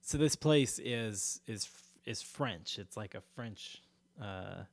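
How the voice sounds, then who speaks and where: Low-voiced man telling a rambling story. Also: animated, slow, creaky, no room sound. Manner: rambling, many fillers and restarts, laughs often. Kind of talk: casual conversational storytelling.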